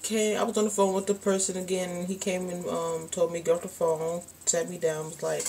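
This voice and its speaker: Young woman vlogger, lowish voice, loose and candid storytelling with plenty of filler words. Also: little pitch movement, fairly quick, few pauses, mellow, a little hiss or hum. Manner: rambling, candid, lots of "like" and "um". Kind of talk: casual storytelling to camera.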